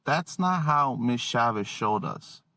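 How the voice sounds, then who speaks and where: A man's voice: mid-range voice, lively intonation, takes it slowly, bright, forceful tone, no room sound, clean studio sound, exaggerated voice. A man voicing his young son, an eager boy who narrates every move of his game. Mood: chatty.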